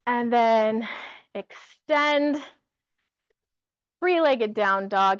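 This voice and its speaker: A woman teaching a yoga class, giving calm, encouraging cues and laughing lightly now and then. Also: fairly high pitch, slow, long pauses, no echo, lo-fi sound. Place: yoga studio with music.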